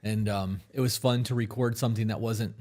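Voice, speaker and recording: A man's voice: lowish voice, fairly even intonation, a little fast, darkish tone. A man co-hosting a casual live podcast, rambling with plenty of fillers and restarts. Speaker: podcast co-host. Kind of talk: casual live-stream chat.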